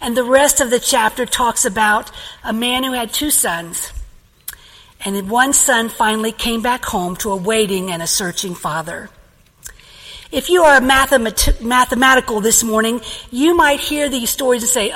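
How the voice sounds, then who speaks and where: High-voiced woman preaching in an echoey hall. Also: normal speed. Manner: animated storyteller, laughs often. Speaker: pastor. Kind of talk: sermon.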